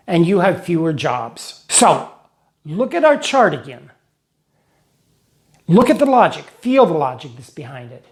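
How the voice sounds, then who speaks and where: Guy with a high voice explaining english grammar w examples and little rhymes. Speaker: English teacher for Russian speakers. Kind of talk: scripted lesson narration.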